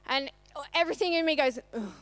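A woman in her thirties speaks from the church stage, telling a personal story to the congregation. Her voice sits high and bright, and her delivery is chatty and animated. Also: a little slow, dry recording. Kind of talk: sermon testimony.

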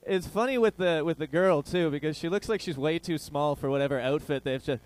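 Slightly high, slightly fast, and a little mellow, an Irish comedy host's voice carries his crude, rambling stand-up banter. He keeps throwing questions at the live audience.

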